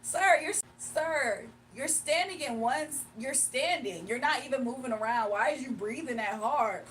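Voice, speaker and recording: A woman's voice: sits high, lively intonation, a little slow, fairly bright tone, far from the mic, a little hiss or hum. A woman hosting a livestream in casual chat, mocking and blunt, laughing often. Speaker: livestream host.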